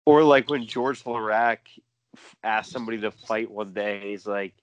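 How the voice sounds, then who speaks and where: A man co-hosting a casual sports podcast, talking excitedly, repeating himself and mimicking players. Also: fairly low pitch, normal speed, smooth, dry recording. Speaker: podcast co-host.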